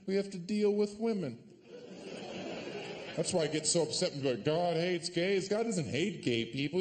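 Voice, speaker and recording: Brief: man doing stand-up, deadpan-sardonic, animated pitch, noisy live club recording. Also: in a large hall. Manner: sardonic, deadpan delivery with sudden yelled punchlines. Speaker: stand-up comedian. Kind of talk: stand-up comedy. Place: comedy club stage.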